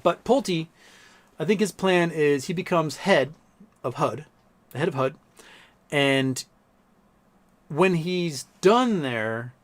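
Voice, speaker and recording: A man hosting a loose livestream, talking off the cuff in a mid-range voice. He wanders from thought to thought and breaks into laughter often as he reads viewer comments. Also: medium pitch. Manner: rambling, laughs often, mimics people in quotes. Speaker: livestream host. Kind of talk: casual livestream chat reading super chats.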